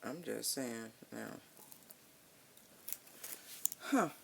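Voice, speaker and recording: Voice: medium pitch, vocal fry, a little hiss or hum. A tarot reader giving a casual, slangy reading, humming and musing aloud as cards come up. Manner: relaxed, slangy and profane, with drawn-out hums while pulling cards.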